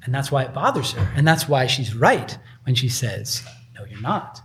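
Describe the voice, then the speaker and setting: A man's voice: mid-range voice, big pitch swings, moderate pace. A man preaching a sermon in a loose, conversational way, full of fillers. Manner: conversational, uses many filler likes. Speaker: pastor.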